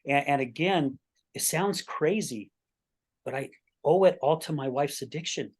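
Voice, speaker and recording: A man's voice: on the high side, unhurried. Earnest man in his sixties, hosting. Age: 60s. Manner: earnest storytelling with many repeated starts and "right?". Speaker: podcast host. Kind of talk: casual interview chat.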